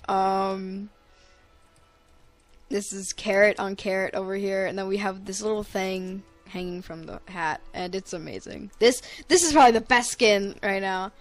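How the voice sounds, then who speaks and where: A woman's voice: mid-range voice, unhurried, dry recording. Giggly woman rambling about a game. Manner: rambling, giggly, lots of fillers. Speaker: gaming video host. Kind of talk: casual game commentary.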